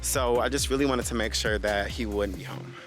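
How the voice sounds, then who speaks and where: A man's voice: lowish voice, brisk, music in the background. A young man vlogging, telling a personal story in a casual way and speaking straight to his viewers. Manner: talks straight to viewers, calls them guys.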